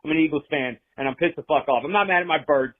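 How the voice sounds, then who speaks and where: Furious caller ranting over a tinny phone line. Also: male voice, fairly high pitch, fast. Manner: profane, ranting, voice breaking into strained cries. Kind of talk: angry fan rant on a call-in line.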